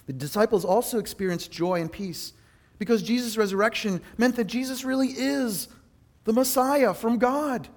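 A male pastor preaching a sermon, earnest and self-deprecating, telling personal stories in an animated way. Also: high-pitched, moderate pace.

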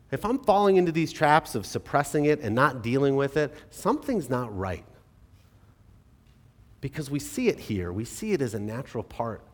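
Earnest pastor preaching in an echoing hall. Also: male voice, medium pitch. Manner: earnest, conversational, shifts from animated to hushed. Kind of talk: sermon. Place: church sanctuary. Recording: long reverb of a church hall.

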